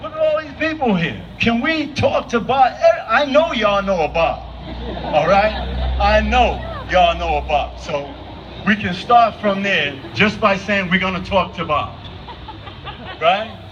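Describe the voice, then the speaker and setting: Here a high-voiced, animated man speaks a little slowly, picked up from afar. He's improvising a speech to people gathered outdoors for a vigil and keeps questioning the crowd. Sound quality is dull and lo-fi, with faint noise.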